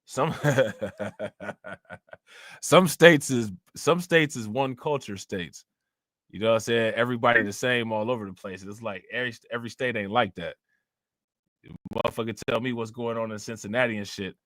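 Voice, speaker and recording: Livestream host, man with a Northeast Ohio accent, mid-pitched, loose and profane, close and dry. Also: moderate pace, fairly bright tone, dry recording. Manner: loose, rambling, slangy and profane. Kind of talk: casual livestream chat answering viewers.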